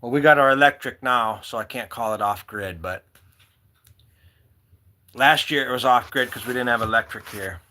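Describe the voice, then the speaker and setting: A man with a mid-range voice hosts a casual livestream at a moderate pace, pausing often, his tone bright and forceful. He drifts from one story to another and addresses his viewers by name.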